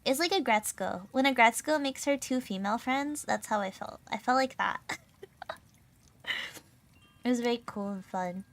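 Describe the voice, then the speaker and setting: Bubbly young woman streamer with a high voice. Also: moderate pace, long pauses, fairly bright tone, slight background noise. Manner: bubbly, giggly, chatty, heavy filler words. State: slightly sore, strained throat. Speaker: VTuber streamer. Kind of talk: casual chat.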